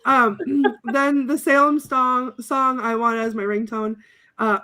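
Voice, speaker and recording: A woman's voice: on the high side, normal speed, smooth. A woman co-hosting a podcast, chatting casually and laughing a lot as she retells scenes and acts out the lines. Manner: giggly, animated, acts out quoted lines. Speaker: podcast co-host reviewing a film. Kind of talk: casual chat, recounting scenes from notes.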